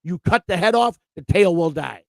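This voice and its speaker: A man's voice: high voice, lively intonation, normal speed, vocal fry, a little mellow, no room sound. A man co-hosting a casual live stream, talking bluntly and profanely in long rants. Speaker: co-host.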